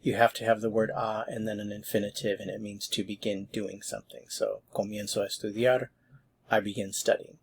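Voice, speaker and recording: Low husky male Spanish teacher. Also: little pitch movement, fairly quick. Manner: patient, encouraging explanations. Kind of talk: online grammar lesson.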